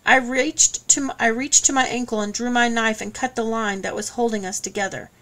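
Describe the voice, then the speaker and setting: Woman, audiobook narrator, first-person reading, steady, measured, fairly high voice.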